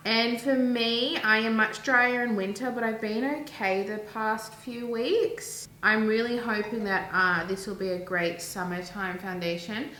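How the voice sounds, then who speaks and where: A woman in her thirties chatting casually through a makeup routine at home, going off on animated rants. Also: fairly high pitch, a little slow, hardly any pauses. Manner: chatty, ranting, animated asides. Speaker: beauty vlogger. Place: room at home. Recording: echoey room, faint ambience.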